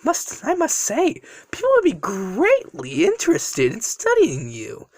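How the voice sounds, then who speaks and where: A man's voice: very high-pitched, wildly swooping pitch, a little slow, gravelly, no room sound, clean studio sound, voice pushed up, exaggerated voice. A man voicing a sinister male mage who fights with chains, mocking and gloating.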